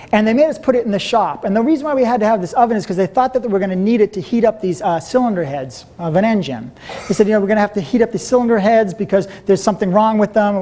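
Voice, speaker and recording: A man giving a motivational seminar talk to a live audience, telling stories in an animated way and laughing often. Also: high voice. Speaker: seminar speaker.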